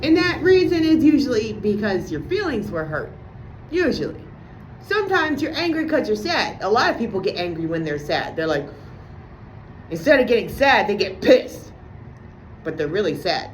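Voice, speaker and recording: A woman's voice: mid-range voice, very animated, normal speed, a little hiss or hum. A woman vlogger ranting in a casual monologue, profane and sarcastic as she vents about a friend.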